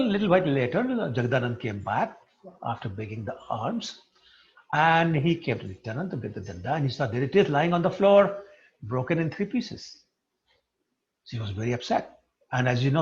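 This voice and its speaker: A man giving a devotional lecture, retelling a sacred story and putting questions to his listeners. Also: medium pitch. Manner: animated storyteller who poses questions to the listeners. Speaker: religious teacher. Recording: dull lo-fi recording.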